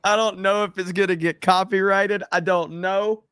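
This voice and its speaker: A man hosting a livestream, reading chat messages and riffing on them in a loose, swearing, laugh-prone way. His voice sits a little high for a man. The sound is dry and close, with no room echo. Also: flat delivery, moderate pace, sharp tone, clean tone. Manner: loose and profane, laughs often. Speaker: podcast host reading viewer chats.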